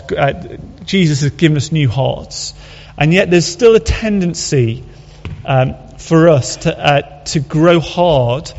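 Man, earnest conversational sermon, slightly high voice, long hall reverb, dull audio. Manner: earnest, conversational preaching with restarts and rhetorical questions. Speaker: pastor.

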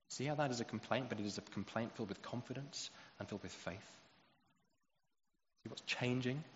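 A man preaching a sermon, animated as he acts out quoted voices. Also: lowish voice, a little hiss or hum. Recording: roomy hall echo, dull lo-fi sound.

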